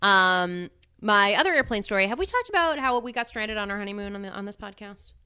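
A young adult woman co-hosting a podcast, telling an animated story and acting out the quotes. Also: mid-range voice, a little fast, slight background noise. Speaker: podcast co-host. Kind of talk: casual chat.

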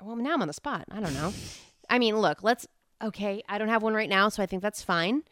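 A woman's voice: medium pitch, fairly bright tone, dry recording, studio quality. A young adult woman co-hosting a podcast, chatting and riffing playfully. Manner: playful, riffing, quick asides. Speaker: podcast co-host. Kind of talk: casual comedic chat.

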